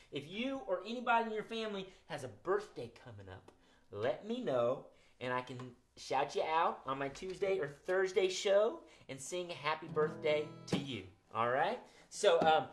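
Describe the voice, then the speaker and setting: A man hosting a live-streamed kids' music show, talking gently and encouragingly to children. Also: fairly high pitch.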